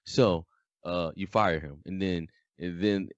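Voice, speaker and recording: A man co-hosting a podcast in casual chat, talking in a flat, deadpan way. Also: sits low, slow pace, smooth, dry recording, dull audio. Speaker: podcast co-host.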